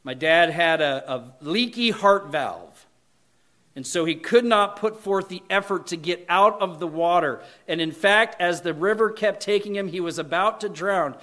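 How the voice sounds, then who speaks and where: A pastor with a high-pitched voice preaches a sermon at an unhurried pace. He swings from loud, emphatic points to quiet, earnest appeals to his listeners.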